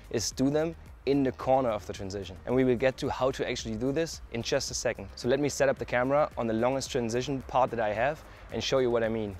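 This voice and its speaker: A man teaching surfskate bowl technique in a tutorial, explaining moves step by step and speaking directly to the viewer. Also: mid-range voice. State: out of breath. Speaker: surfskate coach. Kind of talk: instructional video tutorial. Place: outdoor skate bowl, then home office.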